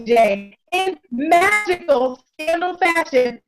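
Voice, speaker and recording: A woman co-hosting a casual TV recap chat, expressive and quick to laugh. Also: very high voice, over music, low-quality recording. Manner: expressive, laughs often, keeps addressing co-host. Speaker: podcast co-host.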